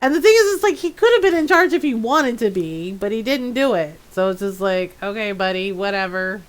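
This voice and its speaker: A woman's voice: on the high side, animated, fairly quick. A woman streaming a game, chatting casually with frequent laughs and mocking character impressions. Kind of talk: casual commentary while playing.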